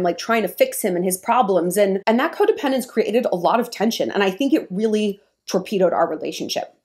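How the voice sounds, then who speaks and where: A woman vlogger giving frank, opinionated dating advice in an emphatic talk to the camera. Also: medium pitch. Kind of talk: monologue to camera.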